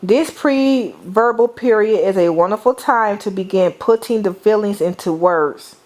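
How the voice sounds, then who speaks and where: Slow, deliberate middle-aged woman lecturing. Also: mid-range voice, animated, a little mellow. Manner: deliberate, calls on the class, repeats and restarts phrases.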